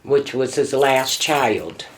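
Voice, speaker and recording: A middle-aged woman, the mother in a documentary interview, reminiscing emotionally with her pitch sometimes rising sharply. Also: animated, takes it slowly.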